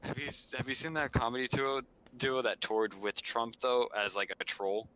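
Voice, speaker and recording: A man's voice: medium pitch, normal speed, fairly bright tone, slight background noise. A man chatting casually on a gaming livestream, telling rambling stories and acting out quotes. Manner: rambling storyteller, acts out quotes. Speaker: livestream co-host. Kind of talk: casual chat while gaming.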